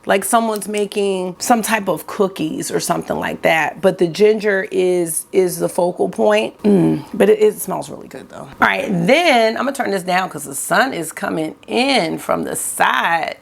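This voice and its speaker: A woman's voice: medium pitch, unhurried, creaky, few pauses. A woman, chatting casually and gushing to viewers as a beauty vlogger. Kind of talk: casual haul chat to camera.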